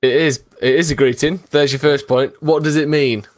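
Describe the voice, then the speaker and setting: A man's voice: fairly high pitch, fairly even intonation, moderate pace, no echo. A man from England co-hosting a casual live stream, chatty and explaining things with asides and fillers. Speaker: co-host.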